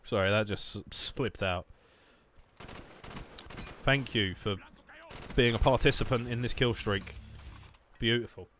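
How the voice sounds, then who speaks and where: A lowish-voiced man with an Essex accent chats loosely as he streams a shooter game. He rambles, jokes and swears freely. Faint gunfire from the game runs under his voice. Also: unhurried, pauses often, a bit bright, slight background noise. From England. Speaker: gaming streamer. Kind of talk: casual livestream commentary.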